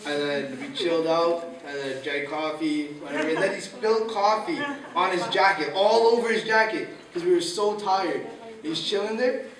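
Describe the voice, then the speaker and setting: A man's voice: on the high side, normal speed. A young man telling a casual anecdote among friends, laughing often and acting out quotes with slang. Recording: echoey room, distant mic, crowd chatter.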